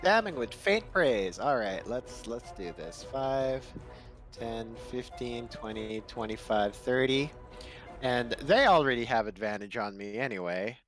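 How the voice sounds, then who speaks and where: A man playing a tabletop game, relaxed, counting out his moves aloud. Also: mid-range voice, unhurried, soft background music. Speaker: player. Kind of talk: casual tabletop game play.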